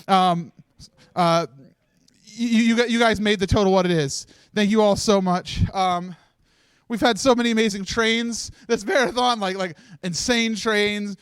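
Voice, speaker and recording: A man with a high, smooth voice gives a halting, tearful thank-you speech on a marathon stream set. He keeps restarting his sentences and laughs through his tears. The sound is dry and close. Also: fairly even intonation, no room sound. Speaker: marathon organizer giving closing speech. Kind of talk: emotional live speech. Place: stage set of a charity marathon livestream.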